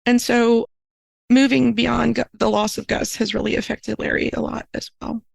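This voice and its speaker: A woman guest on an interview podcast recounts a personal story with earnest feeling, her voice lifting high when she is moved. Her tone carries a gravelly fry. The sound is close and dry with no room around it. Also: level tone, normal speed, no room sound, rough recording. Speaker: minister and writer, podcast guest.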